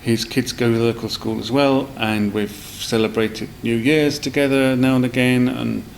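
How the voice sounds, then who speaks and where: Guy on a podcast, bit of fry in his voice, rambles and restarts a lot. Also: mid-range voice, steady tone, normal speed, a little hiss or hum, poor audio. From South East London. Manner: rambling, with many fillers and restarts. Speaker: guest. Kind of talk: casual storytelling in a podcast interview.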